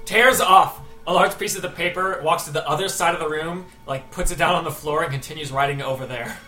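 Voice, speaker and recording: A man's voice: fairly high pitch, fairly even intonation, brisk. Rambling man narrating in an echoey room. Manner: rambling, uses filler words. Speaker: tabletop game player. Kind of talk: descriptive game narration. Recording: echoey room with loud music.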